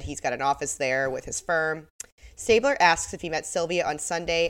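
A woman co-hosting a podcast, casually retelling a TV episode with mock-outraged quips. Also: low-pitched. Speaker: podcast co-host.

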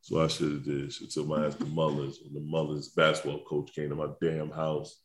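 A man's voice: rumbling low, fairly quick. A man, co-hosting a podcast in casual, profane, joking chat. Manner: profane, joking, animated storytelling. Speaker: podcast co-host. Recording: roomy echo.

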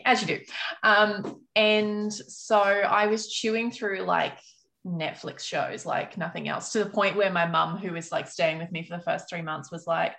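A woman's voice: on the low side, little pitch movement, moderate pace, creaky, a bit bright. A woman author losing her voice to a cold, telling her story in a frank, rambling way with many fillers. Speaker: author guest. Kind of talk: casual storytelling answer.

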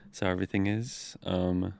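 A man chatting on a podcast, unhurried and dry, with many fillers. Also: low-pitched, level tone, gravelly, a little mellow, no echo. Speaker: podcast co-host. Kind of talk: casual chat.

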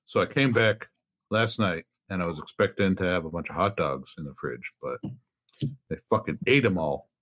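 A man with a lowish voice complaining bluntly, with plenty of swearing, in a casual podcast chat. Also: moderate pace, a bit bright. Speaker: podcast guest.

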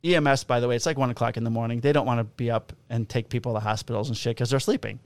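A man's voice: medium pitch, steady tone, racing. A man who works as a police officer, telling profane stories in a casual chat and acting out both sides of the conversations.

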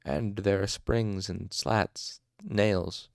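A man's voice: lowish voice, steady tone, drawn-out words, gravelly, no room sound, clean studio sound, exaggerated voice. A man voicing a frail, reedy, frightened man. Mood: fearful. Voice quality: thin, reedy. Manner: soft, urgent and shaky. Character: frail, frightened thin man of about thirty.

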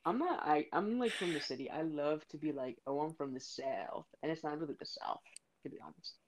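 A woman's voice: deep voice, very animated, quick pace, dry recording. A young woman from South Florida hosting a casual podcast chat, rambling off on tangents and swearing freely. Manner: rambling, swears, says "you know what I mean" often. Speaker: podcast host.

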